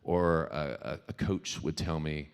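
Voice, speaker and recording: His voice rumbles low, steady and clean, and he takes his time. This Louisiana singer-songwriter, featured speaker at a live venue, gives a conversational keynote packed with jokes, tangents, remarks to the crowd and liberal swearing, heard through a PA with long hall reverb.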